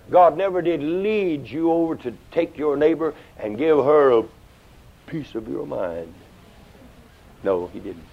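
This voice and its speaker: An older man preaching a sermon, folksy and storytelling, swinging between loud outbursts and hushed asides. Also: mid-range voice. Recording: dull lo-fi sound.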